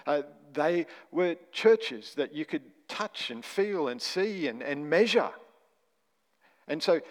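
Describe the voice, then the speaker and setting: A man preaching a sermon, stressing single words and asking rhetorical questions. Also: a little high. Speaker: pastor. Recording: long hall reverb.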